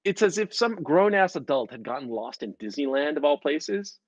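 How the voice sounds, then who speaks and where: A man hosting a stream, chatting casually with a profane, rambling, animated way of telling stories. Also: on the high side, moderate pace, no room sound. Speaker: stream host. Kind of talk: casual podcast chat. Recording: dry, dull lo-fi sound.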